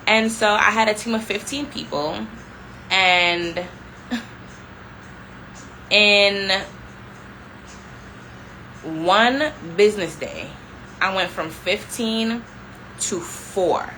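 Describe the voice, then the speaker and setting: A young adult woman telling a story to her viewers in a casual, animated way, filling her talk with "like" and calling them y'all. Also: mid-range voice, drawn-out words, pauses often, a little hiss or hum, poor audio. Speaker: vlogger.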